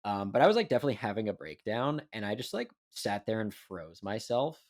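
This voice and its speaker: A man's voice: lowish voice, very animated, brisk, darkish tone. A young man co-hosting a podcast in casual chat, rambling with many fillers. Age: young adult. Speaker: podcast co-host.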